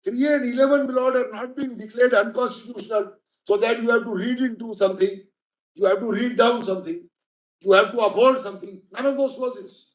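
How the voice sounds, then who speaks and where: A very high-pitched male voice, steady in tone and fairly quick, makes an emphatic argument to the judges. He has an Indian English accent and keeps saying "my lord," with the courtroom's echo audible around him.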